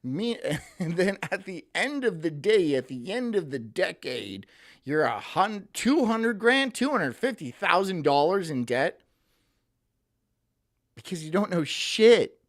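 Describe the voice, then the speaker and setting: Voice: mid-range voice, sing-song, slow. Brief: ranting streamer, heavy sarcasm and swearing, voice swings up and down a lot. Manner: sarcastic, profane, mocking. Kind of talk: ranting live-stream monologue.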